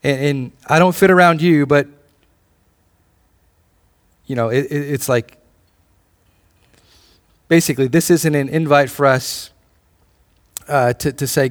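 A man's voice: fairly high pitch, unhurried, pauses often. A man preaching a sermon in a conversational way, often restarting phrases and building in intensity. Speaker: pastor.

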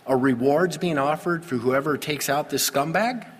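An indignant young shepherd, zealous and scornful, as a husky-voiced preacher acts him out. The words come slow and pointed, ringing with long reverb in a large hall. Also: male voice, on the high side.

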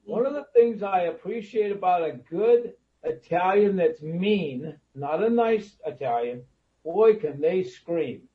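A man co-hosting a radio talk show, spinning wry stories as he banters with his co-hosts. His voice runs high for a man and comes through muffled and lo-fi. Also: expressive, measured pace, a little hiss or hum. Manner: wry, storytelling, acts out grandma lines. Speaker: radio co-host. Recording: dull lo-fi sound.

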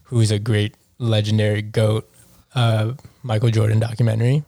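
A man in casual chat with friends, talking in animated bursts and quoting people in quick asides. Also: lowish voice.

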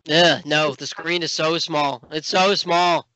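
A man co-hosting a casual podcast, talking in an animated rush full of fillers. His voice is bright and a touch high. The recording is dry and a bit lo-fi. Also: slow, no echo. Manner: animated, filler-heavy, swears when outraged. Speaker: podcast co-host. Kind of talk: casual chat.

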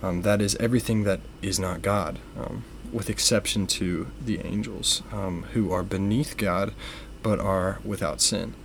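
A young man co-hosting a faith podcast, explaining ideas in a measured way with frequent fillers. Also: deep voice, fairly even intonation, gravelly, slight background noise. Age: young adult. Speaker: podcast co-host. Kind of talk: casual faith discussion.

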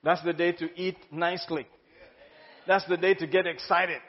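A pastor preaching an exuberant, laughing sermon in a large church hall. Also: male voice, high voice, little pitch movement, normal speed. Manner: exuberant, laughing, exclaims hallelujah. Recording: muffled sound, long hall reverb.

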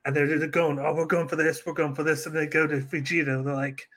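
A man on a casual podcast, retelling events in an animated way and acting out what others said. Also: a little high, fast talker. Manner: animated storytelling, acts out quotes. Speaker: podcast co-host. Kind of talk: casual wrestling podcast chat.

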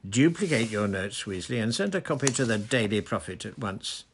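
A man voicing a pompous, blustering male minister who is excitable and triumphant. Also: lowish voice, normal speed, a little hiss or hum. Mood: gleeful.

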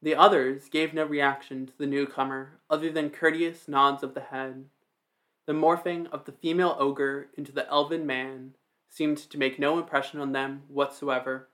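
A man narrating a fantasy story in a steady, even reading. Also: medium pitch, moderate pace.

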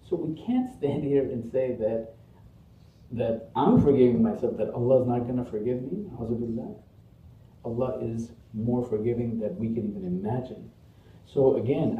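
A man preaches a Friday sermon, earnest and rhythmic, stacking phrase on phrase with rising emphasis. His voice carries from a distance through a roomy, echoing prayer hall, a little muffled on the recording. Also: mid-range voice.

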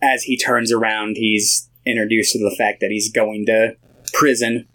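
Young male podcast co-host, lower voice, loose chatty recap full of filler words. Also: moderate pace, poor audio. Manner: relaxed retelling with many fillers. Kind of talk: casual film discussion.

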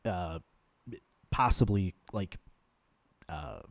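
A man's voice: deep voice, very animated, very slow, no echo. A young man in casual podcast chat, rambling and swearing freely with a joking manner. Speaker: podcast co-host.

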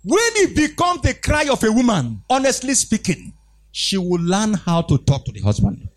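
A man's voice: sits high, wildly swooping pitch, normal speed. A man preaching a sermon as pastor, exhorting the congregation with call-and-response and emphatic repetition. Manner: emphatic, repeats phrases.

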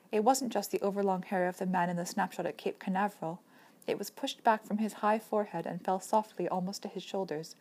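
A woman narrating a novel chapter in an expressive storytelling manner. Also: mid-range voice, breathy edge. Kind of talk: audiobook narration.

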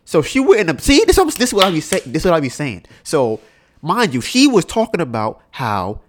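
Lively, profane male podcast host. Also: a little high, a little fast. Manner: animated, profane storytelling with many rhetorical "right?"s. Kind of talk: casual chat.

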